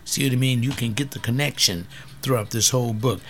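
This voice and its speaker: A man's voice: mid-range voice, fairly quick. A man preaching a fiery sermon on a webcast, scolding and confrontational as he reads and explains verses.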